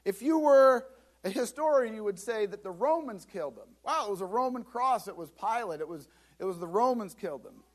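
A man preaching a sermon as pastor, lively and dramatic, acting out scripture scenes and often repeating words as he restarts. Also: high-pitched, a little fast. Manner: animated preaching, acts out Bible scenes.

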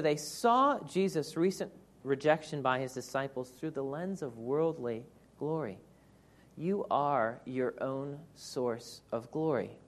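A woman's voice: sits low, darkish tone. A woman preacher giving an earnest, reflective sermon that explains scripture verse by verse.

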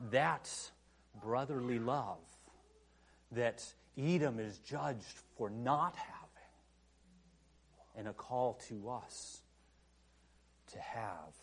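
A man's voice: mid-range voice, drawn-out words, long pauses, husky. A male pastor delivering a sermon in a conversational, storytelling manner, with frequent filler phrases.

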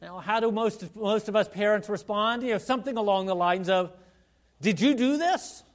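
Pastor, male, high-pitched, conversational sermon delivery with asides, swings from hushed to emphatic. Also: fairly quick. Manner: conversational preaching with frequent asides.

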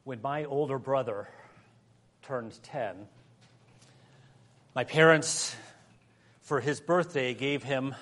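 Lively storytelling male pastor. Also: a little high. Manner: storytelling with humorous asides, shifting from soft prayer to lively emphasis. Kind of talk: sermon.

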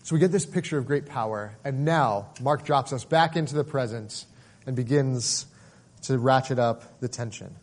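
A middle-aged male pastor preaching a sermon in an earnest, emphatic way, pausing and building emphasis as he explains a passage. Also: medium pitch.

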